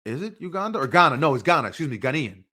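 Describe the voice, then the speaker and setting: A man co-hosting a casual wrestling podcast, excitable and quick, often quoting himself and others mid-thought. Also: fairly high pitch. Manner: excitable, restarts and quotes himself. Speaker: podcast co-host.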